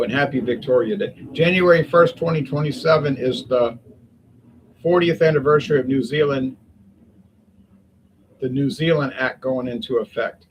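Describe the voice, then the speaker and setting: A man's voice: mid-range voice, highs cut off, a little hiss or hum. A man chatting casually and rambling in a folksy way, talking at home in the heat with the windows open. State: sweating in the heat. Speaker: beer review vlogger.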